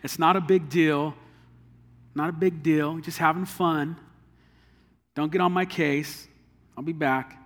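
A man's voice: a little high, steady tone. A man voicing a defiant twenty-something son who is brushing off his worried mother, in a reverberant hall. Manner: dismissive then angry, fast and loud.

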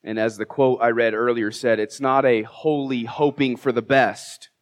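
A pastor delivers a sermon from the pulpit of a church sanctuary in a steady, middle-pitched voice at normal speed. Emotional and heartfelt, he shows open warmth toward his congregation and jokes at his own expense.

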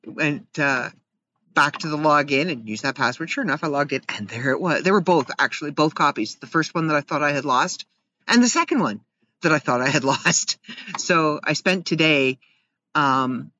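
A man with a bright, forceful voice pitched a bit high rambles through a personal story for his vlog, poking fun at himself as he goes. The recording sounds slightly muffled, with a faint hiss underneath. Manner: chatty, rambling, self-deprecating, laughs often. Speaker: vlogger.

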